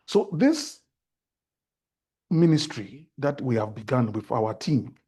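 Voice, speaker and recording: Man, Ghanaian accent, talk-show guest, earnest preacherly storytelling, mellow warm tone. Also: mid-range voice, sing-song, slow pace, breathy edge. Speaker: guest speaker on faith.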